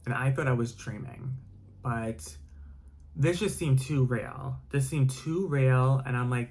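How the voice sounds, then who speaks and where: A young man recounting a frightening personal story in an emotional storytime delivery. He strings his sentences together with constant "like" fillers and restarts, his pitch sitting mid-range. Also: normal speed, a little mellow. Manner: emotional, heavy use of "like" fillers. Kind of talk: dramatic storytime retelling.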